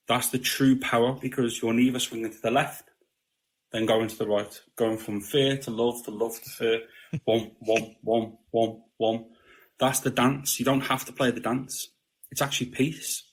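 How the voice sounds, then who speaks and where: A man, a podcast guest in casual spiritual conversation, blunt and swearing freely, often asking "you know what I mean". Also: medium pitch.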